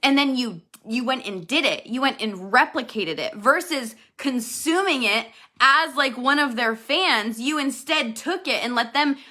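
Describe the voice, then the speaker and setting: Woman, bright tone, slightly high voice, motivational team talk, earnest and direct. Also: lively intonation, measured pace, few pauses. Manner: earnest, direct, addresses viewers as "you guys". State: emotional, near tears at times. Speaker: network marketing team leader.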